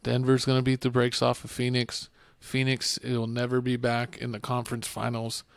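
Gravelly, flat-voiced man trash-talking. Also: medium pitch, moderate pace, no echo. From Texas. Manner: joking, blunt trash talk. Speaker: podcast host. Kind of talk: casual sports chat. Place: home studio podcast.

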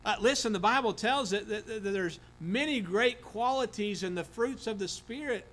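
A man's voice: high voice, normal speed, fairly bright tone, low-quality recording. A man preaching a sermon as pastor, earnest, with frequent restarts and filler words. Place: church sanctuary.

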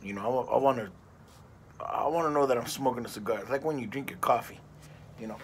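A man's voice: medium pitch, fast talker, slight background noise. A middle-aged man reviewing a cigar in a casual vlog, rambling and ranting with plenty of profanity.

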